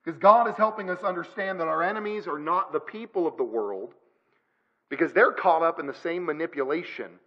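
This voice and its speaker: A man's voice: on the high side, lively intonation, brisk, highs cut off. A male pastor preaching a sermon in a church, emphatic, with repeated phrases. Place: church sanctuary.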